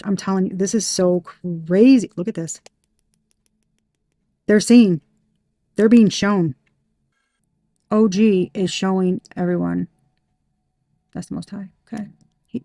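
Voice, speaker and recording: A woman's voice: mid-range voice, mellow, dry recording, studio quality. A woman giving a tarot reading to her viewers, emphatic and heated, swearing freely. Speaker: tarot reader.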